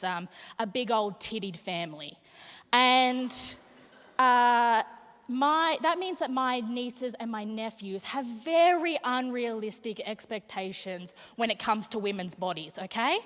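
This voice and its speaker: A young woman doing brash, animated stand-up comedy and teasing the crowd from a stage. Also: fairly high pitch. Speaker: stand-up comic speaker. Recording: long hall reverb.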